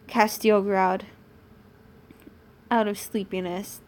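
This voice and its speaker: A woman's voice: medium pitch, fairly even intonation, takes it slowly, darkish tone. A young British woman reading fanfiction aloud on a stream, stumbling over the lines and adding sarcastic asides.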